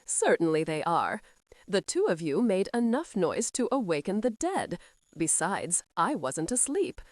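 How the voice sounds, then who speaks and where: A woman narrator voicing a mocking, arrogant young male earl who speaks in a slow, sarcastic drawl. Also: fairly low pitch, big pitch swings, dry recording, studio quality. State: injured, sore ribs.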